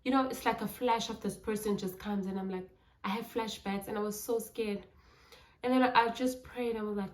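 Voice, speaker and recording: In a roomy-sounding recording, a South African woman with a mid-range voice speaks fairly quickly as she shares a personal vlog story. As a YouTuber, she narrates with animation and performs her own past lines along with what others said.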